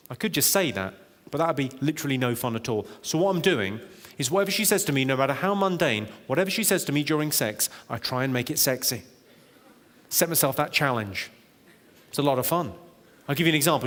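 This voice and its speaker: A man doing stand-up comedy with a deadpan delivery and working the crowd in a large theatre. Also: on the high side, quick pace. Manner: deadpan, crowd work with the audience. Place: large theatre with a laughing audience. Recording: live theatre recording with long reverb and loud crowd laughter.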